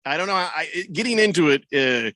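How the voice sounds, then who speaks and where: A man's voice: fairly high pitch, a little fast, dry recording. A man hosting a radio show, chatting and joking in the studio and reading an ad. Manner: joking, self-deprecating, animated. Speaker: radio host. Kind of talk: casual chat and ad read. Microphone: studio microphone.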